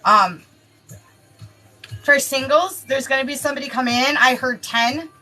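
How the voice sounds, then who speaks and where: A woman reading horoscopes in a casual, chatty way, excitable and often exclaiming. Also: high-pitched, unhurried, faint music behind, poor audio. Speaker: tarot reader giving daily horoscopes.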